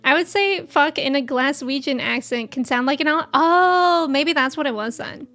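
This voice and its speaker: A woman's voice: high-pitched, normal speed, fairly bright tone, soft background music. A young American woman streaming a game, chatting casually and rambling with viewers, laughing often. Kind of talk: casual chat with live viewers.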